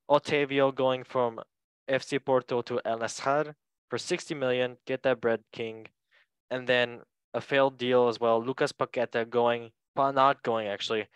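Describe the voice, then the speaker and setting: A man's voice: mid-range voice, a bit bright, clean tone, no room sound, poor audio. A man hosting a casual football podcast, chatty and joking, correcting himself as he reads through transfer news. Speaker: podcast host.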